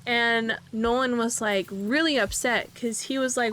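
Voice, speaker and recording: A woman's voice: on the high side, normal speed, few pauses, fairly bright tone, slight background noise. A woman host casually narrating a game storyline in a chatty way, with lots of fillers and tag questions. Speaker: channel host.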